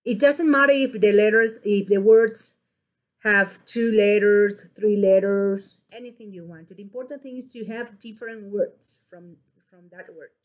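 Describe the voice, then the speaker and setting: A woman English teacher with an Ecuadorian Spanish accent, a native Spanish speaker, giving an online lesson and repeating phrases slowly to model intonation. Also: mid-range voice.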